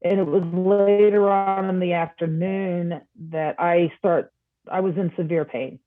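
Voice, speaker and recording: A woman guest on a podcast, telling a personal story in a casual, animated way and acting out the dialogue. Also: lowish voice, unhurried, no room sound, soft background music. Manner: animated, acts out quoted dialogue. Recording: tinny phone-like line.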